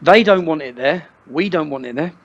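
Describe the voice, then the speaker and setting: A man from Luton, talking as an interview guest in an animated way, often restarting and repeating words. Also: a little high, normal speed, highs cut off. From Luton, England. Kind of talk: casual interview chat.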